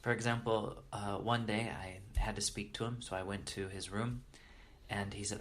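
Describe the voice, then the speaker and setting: A man's voice: on the low side, steady tone, normal speed, fairly bright tone, a little hiss or hum. A man in an interview earnestly and reverently telling stories, often restarting his sentences as he goes. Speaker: interview guest. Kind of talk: storytelling in conversation.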